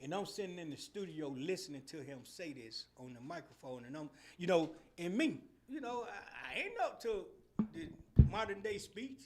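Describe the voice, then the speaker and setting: A man's voice: sits high, normal speed, noisy background. A middle-aged man hosting a podcast, telling stories in casual slang and laughing often. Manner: Southern slang, animated and loud. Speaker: podcast host. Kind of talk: casual storytelling chat.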